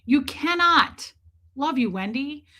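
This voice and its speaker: A woman with a high-pitched, sharp voice hosts a casual livestream through a streaming microphone, animated yet slow-paced. She is chatty and joking, tossing in sarcastic asides and saying "like" a lot.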